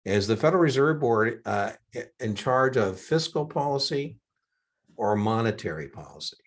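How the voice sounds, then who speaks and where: A man's voice: medium pitch, animated, moderate pace. An older man tutoring one student over a video call for an exam, chatty with joking asides.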